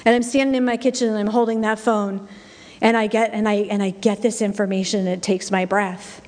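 A woman's voice: mid-range voice, flat delivery, a little fast, darkish tone. Middle-aged woman telling her story in a hall. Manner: storytelling, repeats phrases for emphasis. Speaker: speaker sharing personal testimony. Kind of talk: spoken personal testimony. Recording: long hall reverb.

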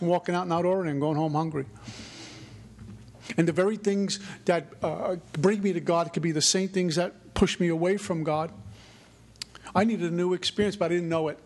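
A middle-aged man, sharing his recovery story in an earnest, repetitive way. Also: sits high. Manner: earnest, repetitive, mantra-like phrasing. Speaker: recovery meeting speaker. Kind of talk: personal recovery talk.

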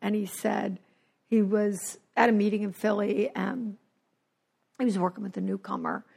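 A woman sharing her recovery story at a meeting, animated and acting out the voices of people she quotes. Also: medium pitch, normal speed, vocal fry, slightly rough. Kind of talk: personal recovery share. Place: New Jersey.

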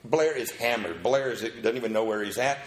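A man tells a story at a meeting in a middle-pitched voice and acts out the people in it. The room around him is echoey, like a meeting hall. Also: a little fast. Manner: animated storyteller acting out the people in his story. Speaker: speaker sharing his story at a recovery meeting.

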